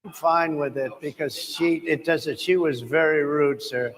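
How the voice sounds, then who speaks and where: A man's voice: on the high side, fairly even intonation, a little slow. Combative guy answering panel questions, keeps repeating himself, big echoey hall. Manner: emphatic, repeats his points. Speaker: interviewee at a press panel. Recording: long reverb of a large hall.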